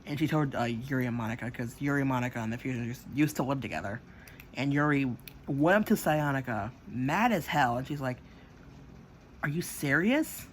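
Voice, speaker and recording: A man's voice: mid-range voice, a little fast, slight background noise. A man casually telling a personal story, rambling with fillers, swearing and acting out what others said. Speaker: channel host.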